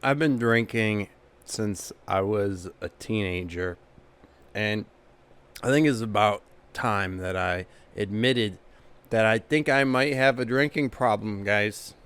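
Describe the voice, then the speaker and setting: Deadpan male comic, slow and smooth delivery. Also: lowish voice. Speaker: comedian. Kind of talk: comedy monologue.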